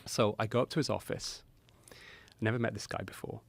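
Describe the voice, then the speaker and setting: Low-voiced man telling a story. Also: fairly quick, gravelly. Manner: animated storyteller, frequent "you know" fillers. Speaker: cardiologist guest. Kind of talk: podcast storytelling.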